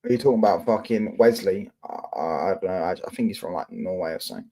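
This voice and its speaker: A man's voice: sits low, expressive, fast talker, gravelly, dark tone. A young man from London with a London accent, hosting a casual football livestream and answering his chat in slangy, swearing talk.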